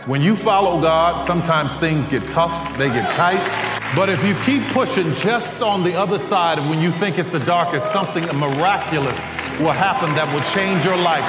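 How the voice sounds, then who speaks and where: A man's voice: fairly high pitch, brisk, a crowd in the background. A man giving an impassioned motivational speech, repeating phrases for emphasis. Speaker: motivational speaker. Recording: echoey hall with live audience and music.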